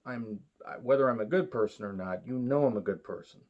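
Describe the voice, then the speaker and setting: A man's voice: on the low side, expressive, moderate pace, few pauses, highs cut off. A man giving a casual, profane wrestling review, blunt and sarcastic, rambling with restarts.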